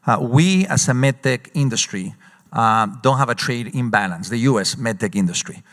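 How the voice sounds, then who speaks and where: A man who is a company executive, speaking as a guest in a live on-stage conference interview and telling stories in an animated way with quick bursts and frequent fillers. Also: mid-range voice. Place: large conference hall. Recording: long hall reverb.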